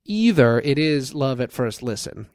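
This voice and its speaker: A man's voice: medium pitch, very animated, unhurried, darkish tone, no echo, studio quality. A man co-hosting a casual podcast, joking and self-deprecating with rambling asides. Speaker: podcast co-host.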